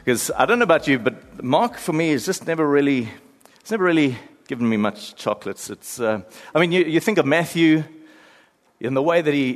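A man preaching a sermon, animated and storytelling, acting out the voices of people he quotes. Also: medium pitch. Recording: long hall reverb.

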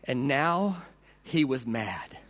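A man's voice: mid-range voice, lively intonation, slow, background noise. A man preaching a storytelling sermon, dramatic, acting out voices and punches. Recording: long hall reverb.

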